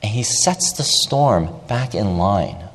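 A man's voice: fairly low pitch, lively intonation, takes it slowly, a little hiss or hum. A man preaching a sermon with emphasis, repeating key phrases and asking rhetorical questions. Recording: long reverb of a large hall.

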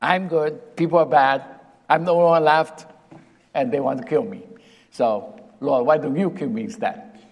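A man's voice: a little high, normal speed, vocal fry, pitched above the performer's own voice. A man doing a self-pitying prophet. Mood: complaining. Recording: long reverb of a hall.

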